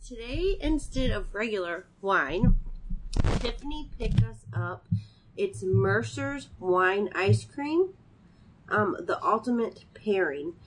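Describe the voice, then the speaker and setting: A woman's voice: mid-range voice, lively intonation, slow, slight background noise, poor audio. A woman with a stuffy, nasal voice from a cold, co-hosting a casual chat show with many fillers. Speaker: podcast co-host.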